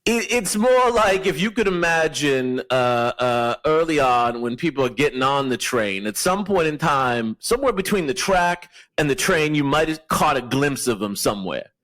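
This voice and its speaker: A man riffing an improvised comedy bit on a podcast with a straight face. His voice sits a little high and swings widely in pitch, and he rambles and stumbles on his words, cracking up at his own jokes. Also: animated, normal speed, hardly any pauses, a bit bright. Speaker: podcast guest.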